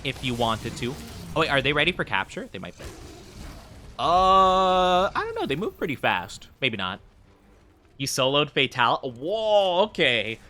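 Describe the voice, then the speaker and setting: This streamer is a young man with a medium-pitched, expressive voice that is bright and forceful, moving a little fast. While playing a game, he chats casually with his live audience, rambling with lots of fillers in a friendly way.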